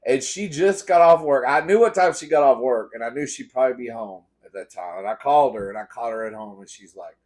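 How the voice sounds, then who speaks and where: A middle-aged man from the Texas Gulf Coast spins comic stories on his eating show. He swears freely, laughs through his own lines and talks in an animated way. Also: mid-range voice, a little fast, few pauses. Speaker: host. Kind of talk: comedic storytelling while eating.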